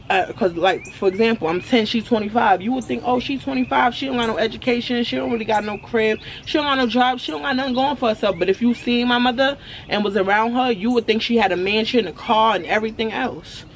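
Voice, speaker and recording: A woman telling a storytime to her viewers, blunt and animated. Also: medium pitch, a little hiss or hum. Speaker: storytime vlogger. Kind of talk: casual storytelling to camera.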